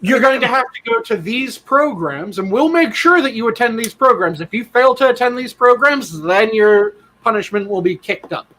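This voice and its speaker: A man with a high voice talks in casual podcast chat. He is blunt and swears freely. He explains his points at length. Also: lively intonation, moderate pace, few pauses, bright, forceful tone, rough recording. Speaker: podcast co-host.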